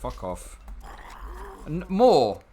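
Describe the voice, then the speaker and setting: A man's voice: fairly high pitch, wildly swooping pitch, very slow, mellow, slight background noise. A young man chatting casually and sarcastically while playing a game, swearing often and rambling with restarts. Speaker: gaming channel host.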